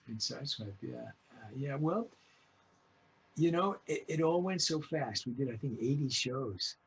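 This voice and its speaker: An older man, a voice actor being interviewed, telling lively stories and acting out voices as he recalls his work. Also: mid-range voice, unhurried, creaky, slight background noise, low-quality recording. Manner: lively storyteller, acts out voices. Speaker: guest voice actor.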